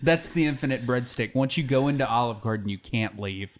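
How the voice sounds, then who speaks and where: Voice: medium pitch, fairly quick. A podcast co-host in casual comedic banter, riffing on absurd jokes and laughing often.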